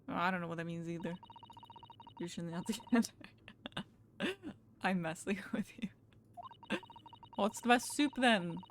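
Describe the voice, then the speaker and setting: A woman's voice: mid-range voice, a little hiss or hum. A woman live-streaming a game in casual chat, talking with viewers, greeting them and laughing often.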